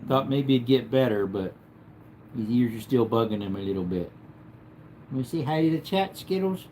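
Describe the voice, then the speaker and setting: A tired man with a headache, lying in bed at home and chatting casually on a livestream while reading out viewer comments in a low-key, drowsy way that trails off. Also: a little mellow, a little hiss or hum. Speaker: livestream host.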